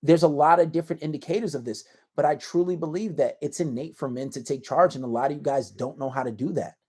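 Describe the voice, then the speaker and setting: A man's voice: a little high, fast talker, darkish tone, breathy edge. Blunt, self-assured man giving dating advice. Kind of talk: casual advice monologue to camera.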